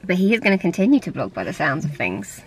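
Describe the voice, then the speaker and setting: A woman's voice: on the low side, sing-song, fast, gravelly, rough recording. A young English woman chatting casually to camera in a vlog, rambling and giggly. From England. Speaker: vlogger.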